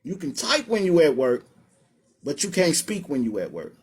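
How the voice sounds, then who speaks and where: A man with a high voice hosts a live-streamed religious debate. He is brash and taunting, calls challengers up to speak and laughs at his own points. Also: huge pitch swings, normal speed, slightly rough.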